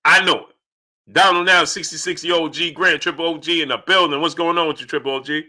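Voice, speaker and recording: A man hosts a live stream in a loose, animated chat style, calling out viewers' names in quick succession. His voice is fairly high and very bright, with a forceful, cutting edge. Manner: animated, shouts out chat names rapid-fire.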